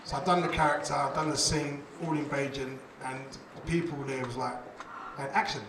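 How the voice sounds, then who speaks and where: A man performing a stand-up comedy set on a club stage, animated and laughing, shouting his punchlines. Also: fairly high pitch, a little fast, heavy background noise. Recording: echoey club room, distant mic, loud crowd.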